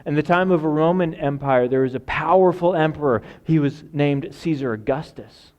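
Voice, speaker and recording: A male pastor preaching a sermon, acting out voices and swinging from loud outbursts to hushed lines. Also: a little high, normal speed, muffled recording. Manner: dramatic, acts out quoted voices, swings from loud to quiet.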